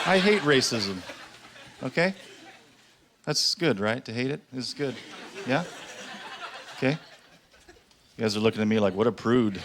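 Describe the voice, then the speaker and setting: A man doing a stand-up comedy set on stage, sarcastic with deadpan asides. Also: medium pitch. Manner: sarcastic, deadpan asides between acted quotes. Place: comedy stage before a live audience. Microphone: handheld stage mic. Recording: stage mic with audience noise. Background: audience laughter.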